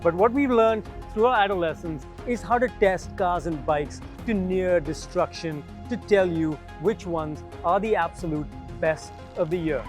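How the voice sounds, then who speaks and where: A man reading a scripted promo voice-over in a playful, dry, emphatic way. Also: high-pitched.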